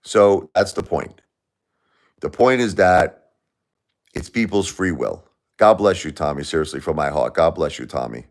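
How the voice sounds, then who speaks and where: Emphatic low-voiced man streaming live. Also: a little slow, pauses often. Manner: emphatic, repetitive, swings between loud and quiet. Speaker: livestream host. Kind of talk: casual livestream chat.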